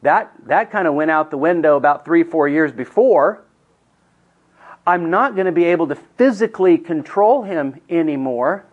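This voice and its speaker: A middle-aged man giving a teaching talk to counselors, telling a family story in an earnest way that moves from hushed to emphatic. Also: on the high side, lively intonation, moderate pace, phone-quality sound.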